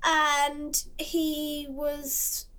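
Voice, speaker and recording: A woman with a high voice co-hosts a casual podcast. She answers her co-host's questions slowly, in a playful, jokey way. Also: completely flat delivery, bright, forceful tone, a little hiss or hum. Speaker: podcast co-host.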